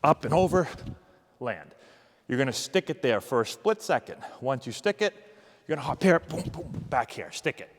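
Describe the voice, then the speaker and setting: A man coaching youth agility drills, giving energetic, encouraging cues while demonstrating. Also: medium pitch, normal speed, long reverb tail. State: out of breath. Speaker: baseball coach.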